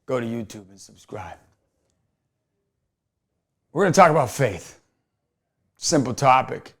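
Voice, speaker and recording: Male evangelist, unhurried delivery, chatty storyteller turning to fervent shouted preaching. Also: medium pitch, lively intonation, vocal fry. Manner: builds from quiet asides to shouted preaching; laughs often, storytelling. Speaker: Catholic evangelist speaker. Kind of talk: motivational faith talk.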